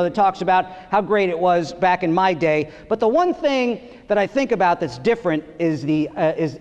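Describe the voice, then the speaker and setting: A middle-aged man from New York and Florida doing a live stand-up set on a theater stage, animated and jumping into quick character voices. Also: sits high, highs cut off. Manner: animated, does quick gangster and Southern voices mid-joke. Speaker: stand-up comedian. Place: large historic theater stage with audience. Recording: live theater with hall reverb and faint ambience.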